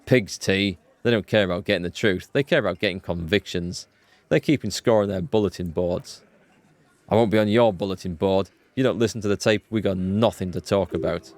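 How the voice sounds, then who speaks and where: A man's voice: sits low, fairly quick, no room sound, close to an everyday voice. A man voicing a cocky, tattooed male union second-in-command in a game, mocking and streetwise.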